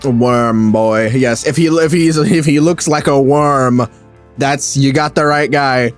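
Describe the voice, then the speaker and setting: A man's voice: mid-range voice, fairly even intonation, takes it slowly, faint music behind. Crude, swearing male podcast co-host. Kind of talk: casual chat.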